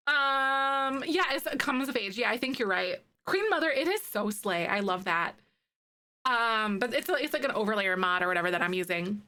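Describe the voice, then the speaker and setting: A young woman streams a life-sim game and chats casually with viewers, answering chat in a bubbly way full of "like"s. Her voice is on the high side with a sharp tone, animated and at normal speed.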